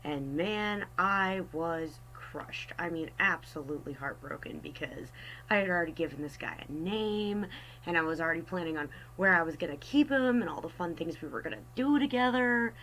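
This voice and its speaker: A woman's voice: lowish voice, animated, moderate pace, fairly bright tone, slight background noise, low-quality recording. A young woman telling a personal story in a casual, chatty way, wry and self-mocking. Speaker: artist storyteller.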